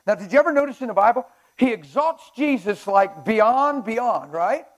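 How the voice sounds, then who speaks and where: A man preaching a fervent sermon at a men's breakfast, swinging between shouts and hushed asides and laughing with the crowd. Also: high-pitched, expressive, moderate pace, hardly any pauses. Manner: laughs and chats with the audience.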